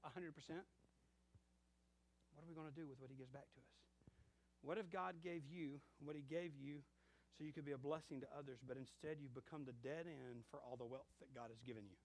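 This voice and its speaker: A man's voice: mid-range voice, a little fast. A middle-aged male pastor preaching a sermon, telling stories and acting out bits of dialogue. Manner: animated storytelling with acted-out dialogue.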